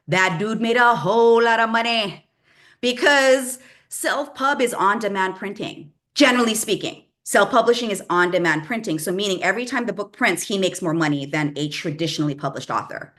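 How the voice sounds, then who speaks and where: A woman's voice: medium pitch, fairly bright tone. Chatty, emphatic woman from the Bay Area. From Bay Area, California. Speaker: brand and publishing coach. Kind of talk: casual talk to an audience.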